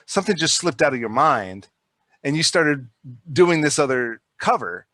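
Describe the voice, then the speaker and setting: A man's voice: fairly high pitch, moderate pace, no echo, clean studio sound. Rambling man telling production stories. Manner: rambling, animated, frequent restarts and repeated words. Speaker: filmmaker guest. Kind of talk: casual podcast storytelling.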